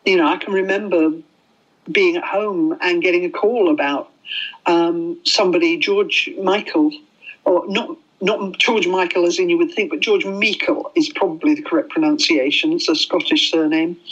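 A woman's voice: lowish voice, moderate pace. An older woman looks back on her years as a helpline volunteer, speaking in a candid, reflective way. The audio is dull and slightly muffled. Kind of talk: interview recollection.

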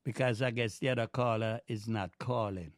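A man's voice: on the low side, fairly even intonation, moderate pace, dry recording, studio quality. A man hosting a community radio show, chatting and teasing callers, slipping into Jamaican phrasing. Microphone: studio mic.

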